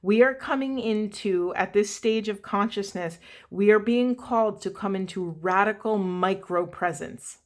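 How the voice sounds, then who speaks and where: A woman delivers a spiritual tarot reading in an earnest, rambling monologue, pausing to correct herself and apologize. Her voice is wearing thin and strained, and it sits at a middling pitch. She slows down to repeat her key phrases with emphasis. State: losing her voice. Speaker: tarot reader.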